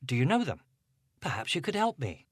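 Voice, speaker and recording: A man voicing a polite young woman police detective who asks brisk, courteous questions. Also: very deep voice, very animated, slightly rough, no room sound, clean studio sound, heavily acted.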